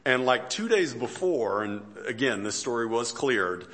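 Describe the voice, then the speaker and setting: A pastor in his forties delivers a sermon as relaxed, conversational storytelling. He pokes gentle fun at himself, laughs lightly between lines and circles back with fillers and restarts. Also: mid-range voice, a little slow. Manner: conversational storytelling with self-deprecating humor.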